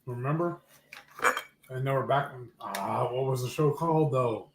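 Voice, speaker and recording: A man's voice: medium pitch, a little slow. Male co-host, laid-back and dry, echoey room, faint background noise. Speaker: cooking show co-host. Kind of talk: live-stream cooking chat.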